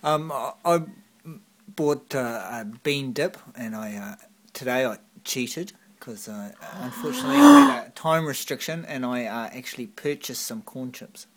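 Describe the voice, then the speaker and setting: A man's voice: medium pitch, sing-song, normal speed. A man, speaking hesitantly with dry humour as a guest.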